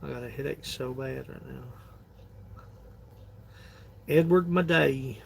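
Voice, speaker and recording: A man's voice: mid-range voice, slow pace, vocal fry, a little hiss or hum. A man, chatting casually on a phone livestream in a rambling, folksy way, laughing often. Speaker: livestream host.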